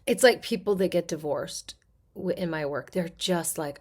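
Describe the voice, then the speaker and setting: A middle-aged woman talks in a casual interview with a lively, swinging pitch. She speaks expressively and acts out the people in her stories. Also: moderate pace. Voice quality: character-actor voice. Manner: animated, acts out quoted voices in her stories. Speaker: podcast guest, actor and therapist.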